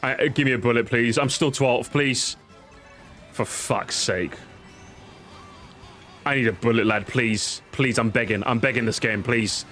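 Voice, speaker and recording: A man's voice: medium pitch, normal speed, bright, forceful tone, soft background music. A man giving casual, jokey gameplay commentary, swearing and pleading with the game as he races. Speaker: gaming YouTuber.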